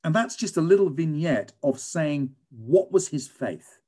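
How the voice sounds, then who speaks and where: A man's voice: on the high side, a little slow. British man telling stories with gusto. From England. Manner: animated storyteller, lively and emphatic. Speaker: guest, teacher and storyteller. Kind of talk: conversational interview storytelling.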